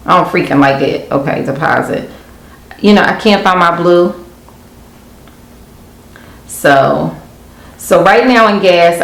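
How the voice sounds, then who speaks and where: Casual vlogger, female, gravelly low voice, exasperated chatter, roomy recording. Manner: chatty and exasperated, addresses viewers as y'all. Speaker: budgeting vlogger. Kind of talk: casual chat to camera. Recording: echoey room with faint noise.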